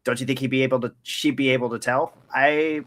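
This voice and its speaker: A man's voice: medium pitch, fairly even intonation, a little fast, a bit bright. A man co-hosting a podcast, questioning a point and stumbling over his words. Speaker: podcast co-host. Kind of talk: casual discussion.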